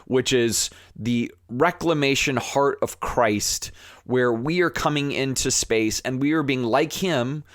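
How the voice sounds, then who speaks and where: This is a man at a middle pitch, speaking an earnest, impassioned podcast monologue. He talks loosely, with fillers and restarts, and builds to animated emphasis. The sound is close and dry, with no room around it. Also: slow pace, no room sound. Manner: rising to animated emphasis when fired up. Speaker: podcast host.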